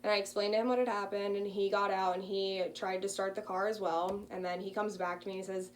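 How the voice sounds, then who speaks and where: Student in her twenties telling a personal story, relaxed and halting, recorded from across the room with a low hum. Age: early 20s. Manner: casual, frequent ums. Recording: distant mic with faint hum.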